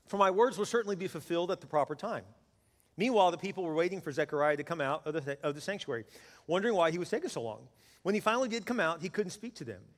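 A man preaching a sermon to a congregation, lively and joking, building to loud peaks. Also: high voice. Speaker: pastor. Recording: long hall reverb.

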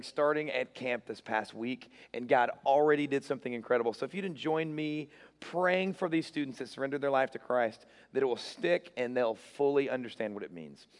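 Hoarse young pastor in an echoing hall. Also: male voice, medium pitch, fairly quick, few pauses. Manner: energetic, self-deprecating, repeats words. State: hoarse, losing his voice. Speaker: youth pastor. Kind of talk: church announcements and prayer. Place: large church auditorium. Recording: long church hall reverb.

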